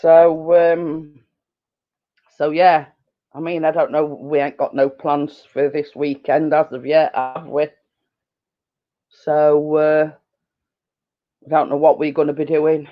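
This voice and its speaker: Middle-aged woman, home live-stream host, rambling and giggly, slow delivery, muffled lo-fi audio. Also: deep voice, level tone. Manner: rambling and chatty, many fillers and giggles. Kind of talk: casual live-stream chat. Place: living room at home. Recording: dull lo-fi home recording.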